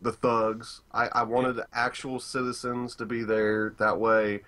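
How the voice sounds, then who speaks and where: A man's voice: mid-range voice, little pitch movement, measured pace, fairly bright tone. Rambling young man full of fillers. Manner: rambling with many fillers, profane, opinionated. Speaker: gaming channel co-host. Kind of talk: casual chat.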